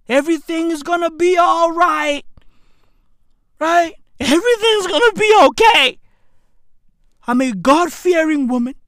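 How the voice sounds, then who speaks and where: A woman delivering a brash, slang-filled comedic rant with shouted bursts. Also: sits high, dry recording, clean studio sound. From South Africa.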